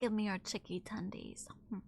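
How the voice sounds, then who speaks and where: A woman's voice: medium pitch, fairly even intonation, moderate pace. A woman streamer chatting casually with her viewers, reading their messages aloud, playful and teasing and swearing freely.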